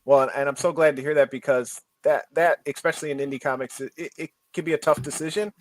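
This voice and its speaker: A man's voice: on the high side, steady tone, fast, slight background noise. A man who is a comic book writer, talking as a guest in a friendly way and telling stories with many restarts. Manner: friendly, storytelling, frequent restarts. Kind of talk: casual interview.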